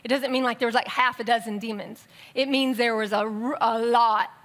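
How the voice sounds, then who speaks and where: Woman preaching in church, higher voice, chatty and animated, speeds up then slows down for emphasis. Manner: conversational, animated with asides and quick bursts. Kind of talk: sermon. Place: church sanctuary.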